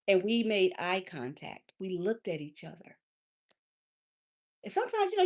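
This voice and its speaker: A woman life coach hosting a live talk, preacherly and warm, calling listeners honey and baby, swinging between loud and soft. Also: medium pitch.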